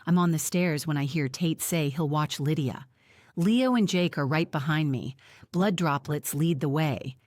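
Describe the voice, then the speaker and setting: A woman reading a first-person audiobook in a tense, measured storytelling manner, close to the mic. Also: low-pitched, darkish tone, dry recording. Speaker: audiobook narrator.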